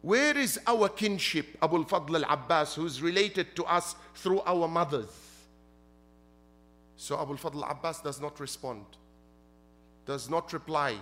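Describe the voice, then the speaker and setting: A man's voice: on the high side, animated, measured pace, pushed and bright. A man preaching a sermon as a sheikh, emphatic, repeating his points and asking rhetorical questions. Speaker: sheikh preaching at a Muharram gathering.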